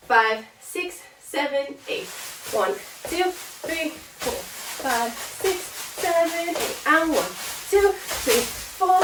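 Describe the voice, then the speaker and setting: A woman leading a cheerleading class indoors, energetically counting out the beats as she dances, recorded by a camera a few steps away in an echoey room. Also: a little high. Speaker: cheerleading instructor. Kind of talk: fitness class instruction. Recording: echoey room, distant mic, faint noise.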